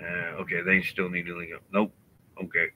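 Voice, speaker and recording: A man co-hosting a travel live stream, chatting casually outdoors at a campsite, laid-back and quick to laugh. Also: sits low, monotone, narrow, tinny audio, slight background noise. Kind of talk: casual chat.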